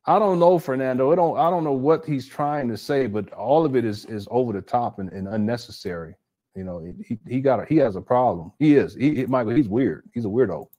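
A man's voice: mid-range voice, expressive, fairly quick, mellow. A man hosting a live stream, reacting to a clip with incredulous exclamations and talking to his chat. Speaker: live-stream commentary host.

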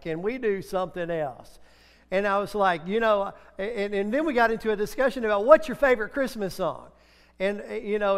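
A man's voice: high-pitched, smooth, in a large hall. A middle-aged man preaching a sermon in a church, telling chatty stories and sometimes breaking into a few sung lines. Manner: chatty storytelling, breaks into song. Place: church sanctuary.

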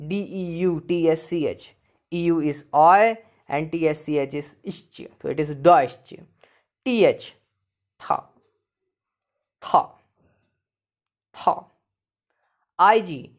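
A woman teaching a beginners' language lesson, saying each sound slowly and repeating it, in casual English with many fillers. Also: sits low.

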